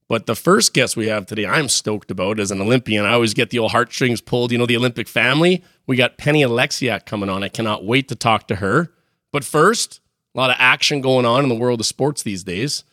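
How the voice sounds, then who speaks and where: A man's voice: mid-range voice, a little fast, fairly bright tone, no room sound, studio quality. Upbeat joking Canadian man. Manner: upbeat, jokey, rambling. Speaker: podcast co-host. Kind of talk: casual sports chat.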